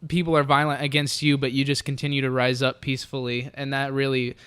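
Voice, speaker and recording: A man's voice: medium pitch, little pitch movement, quick pace, a bit bright, clear, resonant tone. A young man from the Southern United States co-hosting a podcast, chatting casually in a rambling, hesitant way with lots of fillers and restarts. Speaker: podcast co-host. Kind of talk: casual chat.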